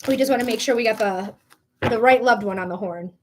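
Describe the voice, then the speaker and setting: A woman's voice: fairly high pitch, brisk, noisy background. A woman hosting a live psychic reading stream, chatting casually in a blunt, profane way with frequent laughs. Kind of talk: casual livestream chat.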